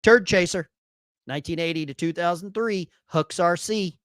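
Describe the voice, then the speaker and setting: A man's voice: high voice, moderate pace, a bit bright, dry recording, clean studio sound. A man hosting a casual live stream, reading chat messages aloud with bursts of enthusiasm. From Arkansas.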